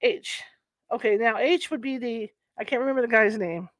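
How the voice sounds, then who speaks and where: Lady host reading an old book out loud, slightly high voice, chatty asides, trips over old words, dry close sound. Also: no echo. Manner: chatty asides between halting read-aloud passages. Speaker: host of a paranormal reading channel. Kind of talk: reading a historical book aloud.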